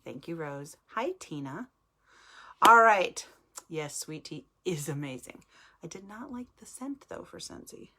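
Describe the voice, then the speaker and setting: A woman's voice: low voice, sing-song, normal speed, slightly rough. A woman casually chatting on a live video, joking and greeting viewers by name as she reads their comments. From United States. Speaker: independent sales director hosting a live video.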